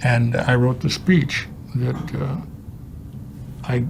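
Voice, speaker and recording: An older man from Chicago, a film director, telling humorous, salty anecdotes in an interview with a gravelly voice. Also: mid-range voice, level tone, takes it slowly, noisy background. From Chicago, USA. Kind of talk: anecdotal storytelling.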